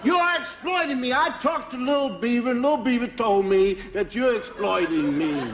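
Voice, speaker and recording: A fed-up complaining sidekick. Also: male voice, very high-pitched, lively intonation, normal speed, roomy sound, crowd noise. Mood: accusing. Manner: exasperated, complaining. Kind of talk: televised comedy sketch. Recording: studio audience laughter.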